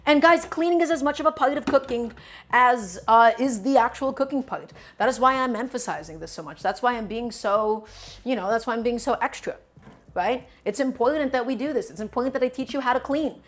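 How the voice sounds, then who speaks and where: A woman with a fairly high voice streams a cooking lesson from her home kitchen. She chats straight to her viewers and hammers home each tip by saying it again and again. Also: brisk. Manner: emphatic, repeats key points while chatting to viewers.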